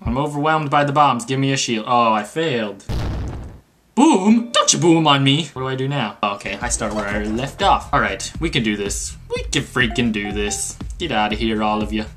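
A man doing let's play game commentary, reading instructions aloud with sarcastic asides and breaking into panicky yelps and rapid exclamations. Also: medium pitch, fairly bright tone. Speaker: gaming channel host. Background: game music.

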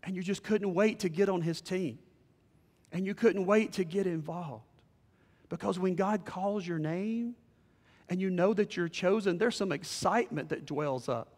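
A male pastor preaching with a fairly high voice. His delivery swings from quiet, intimate moments to loud, excited outbursts. A long reverb from the church hall trails behind every line. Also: unhurried. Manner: animated, swings from hushed to shouting. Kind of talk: sermon. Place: church sanctuary.

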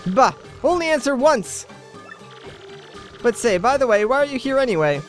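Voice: high voice, animated, moderate pace, soft background music, pitched above the performer's own voice. A bossy old female tree-creature elder snaps and grumbles in a folksy, impatient way, as a man puts her on while reading a video game's lines. She scolds the young ones and fusses about her comforts. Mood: scolding. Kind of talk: Let's Play dialogue reading.

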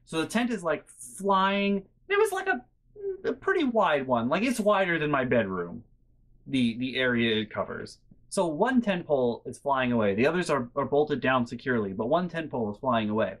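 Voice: medium pitch, sing-song, normal speed. A vlogger telling a casual story from their bedroom, rambling with many fillers, swearing freely, and sounding exasperated and incredulous. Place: bedroom at home.

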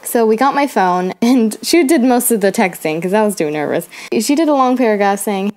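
A woman's voice: mid-range voice, animated, a little fast, few pauses, a little mellow. A teenage girl casually telling a personal story, chatty and acting out the lines of the people in it. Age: teens. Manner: chatty, acts out her own and her friend's lines.

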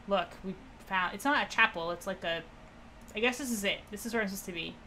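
Young woman chatting to her stream while she plays, kinda sarcastic, bright voice, faint hiss behind. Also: mid-range voice, quick pace. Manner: chatty, sarcastic, thinking aloud. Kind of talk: casual let's-play commentary to chat.

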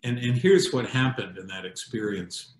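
A middle-aged man reading his own poems and chatting between them, in a slow, conversational way with hesitations and asides. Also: mid-range voice. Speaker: poet and painter. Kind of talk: poetry reading with chat. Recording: echoey room.

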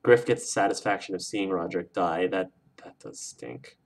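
A man's voice: low-pitched, lively intonation, normal speed. Effusive man chatting on a game livestream. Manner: effusive and emotional, gushing about the game. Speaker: let's play streamer. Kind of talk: casual livestream chat with viewers.

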